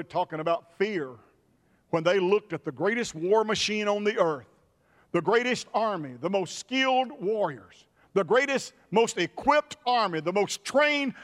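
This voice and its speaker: A man with a high, ringing voice preaches a sermon in a church sanctuary. He builds up his points with repeated, emphatic phrases, and his words carry a long reverb through the hall. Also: sharp tone. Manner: preaching with rising emphatic repetitions. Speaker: pastor.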